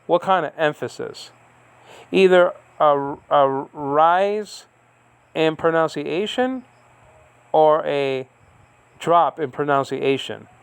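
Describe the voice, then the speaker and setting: Gravelly man teaching with many pauses. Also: fairly high pitch, dry recording. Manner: explains slowly with many fillers and checks. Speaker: Greek language teacher. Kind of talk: recorded lesson. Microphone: recording on a device he operates.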